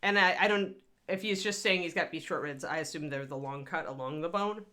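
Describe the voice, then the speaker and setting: A woman's voice: low-pitched, brisk, sharp tone. A woman hosting a livestream about painting miniatures, chatting casually in a giggly, rambling way with frequent restarts.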